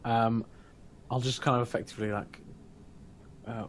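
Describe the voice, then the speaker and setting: A man's voice: medium pitch, little pitch movement, normal speed, pauses often, a little hiss or hum. Hesitant man playing a tabletop game. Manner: hesitant, lots of fillers. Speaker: player. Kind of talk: casual tabletop play.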